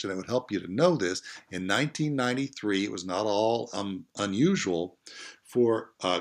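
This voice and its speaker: Male teacher, middle-aged, lowish voice, chatty explanatory lecture with emphatic asides. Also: a bit bright. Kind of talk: recorded lecture on an essay.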